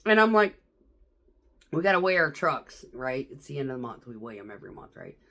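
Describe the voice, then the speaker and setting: A woman's voice: a bass voice, big pitch swings, fairly quick, sharp tone. A middle-aged woman telling stories in a casual vlog, chatty and profane, laughing often. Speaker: vlogger.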